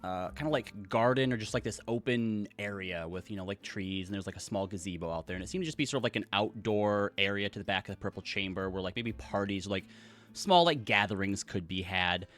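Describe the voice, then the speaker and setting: A man's voice: fairly low pitch, a little fast, fairly bright tone. A man narrating as dungeon master, rambling with many fillers. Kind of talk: narrating a tabletop game.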